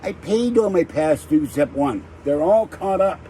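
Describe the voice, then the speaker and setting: A man's voice: on the high side, expressive, normal speed, warm tone, a little hiss or hum, rough recording. An older man hosting a livestream, ranting irritably in a rambling casual chat. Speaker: livestream host.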